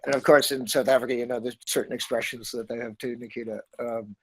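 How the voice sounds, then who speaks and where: A middle-aged Canadian man, an actor being interviewed, talking in a rambling, animated way and slipping into other accents. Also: mid-range voice, fast talker, slightly rough, no room sound, poor audio. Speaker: actor guest. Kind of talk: casual interview chat.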